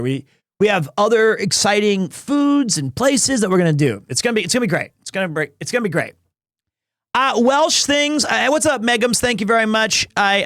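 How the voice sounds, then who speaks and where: Clean studio sound and a dry recording carry a man's high-pitched, slightly bright voice as he talks loosely on a live stream. In his thirties, he's jokey and teasing, rambling along, interrupting himself and chuckling often.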